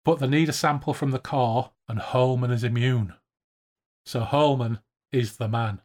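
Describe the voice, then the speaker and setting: A man's voice: medium pitch, fairly even intonation, moderate pace, a little mellow. A man casually summarising a novel's chapters for a book-club podcast, chatty with frequent restarts.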